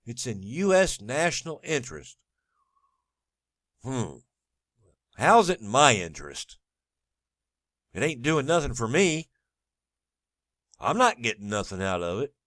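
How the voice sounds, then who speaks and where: A man's voice: medium pitch, big pitch swings, measured pace, pauses often, fairly bright tone, no room sound. Sarcastic ranting man, dry close sound. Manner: sarcastic, mocking; blunt and profane. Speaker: political commentator. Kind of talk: ranting commentary over a clip.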